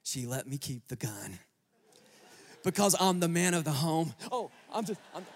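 A male pastor preaching a sermon, telling a story as a lively storyteller with joking asides to the congregation. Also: a little high, moderate pace, creaky. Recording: long reverb of a large hall.

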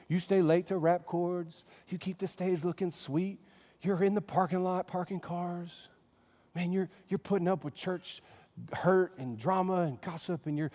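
A kind, commanding Lord speaks boldly, with a high, raised voice, as a male preacher puts him on. His words ring through a church hall with a long reverb. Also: dark tone, close to an everyday voice. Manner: bold, proclaiming.

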